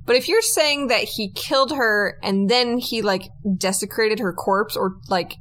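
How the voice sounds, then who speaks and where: A woman's voice: medium pitch, unhurried, fairly bright tone. A woman co-hosting a true crime podcast, reacting with blunt, sarcastic commentary. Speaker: podcast co-host. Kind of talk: casual podcast chat.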